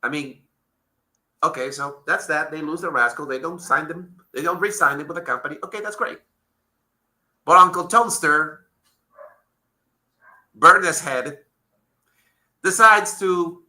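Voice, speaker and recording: A man's voice: fairly high pitch, a little slow, pauses often, pushed and bright. A man hosting a wrestling talk show, ranting heatedly and swearing often. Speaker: podcast host.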